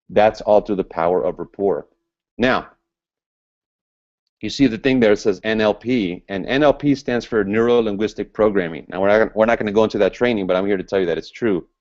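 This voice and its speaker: A man presents at a business seminar in a loud, fired-up motivational style, his voice sitting fairly low. The recording is dull and lo-fi. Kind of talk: motivational training talk.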